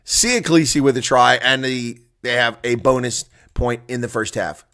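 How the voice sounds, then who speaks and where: A man calling a rugby match live as a chatty, excitable watch-along commentator, with a congested throat that keeps him coughing. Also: mid-range voice, moderate pace, vocal fry. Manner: chatty and excitable, laughs at players' mistakes. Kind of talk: live play-by-play reaction commentary.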